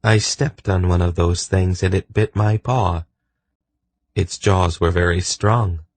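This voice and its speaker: A man's voice: deep voice, steady tone, slow, no echo. A man voicing a wounded, starving female wolf who speaks humbly and deferentially in an audiobook. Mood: weary.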